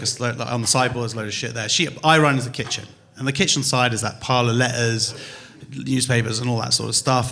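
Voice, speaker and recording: A man works a comedy club stage, spinning a long story in an animated, foul-mouthed way. His voice sits in an ordinary middle range, but he keeps jumping between loud outbursts and quiet muttering. He acts out the other people in the story with quick snatches of voices. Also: medium pitch. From England. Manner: swears freely, jumps from loud to muttered. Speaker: stand-up comedian. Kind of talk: stand-up comedy set.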